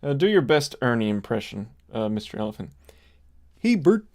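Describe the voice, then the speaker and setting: A man's voice: fairly low pitch, animated, quick pace. A man hosting his channel, chatting casually and reading viewer messages aloud. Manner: reads viewer messages aloud and teases the chat. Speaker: YouTube creator. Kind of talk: casual livestream chat.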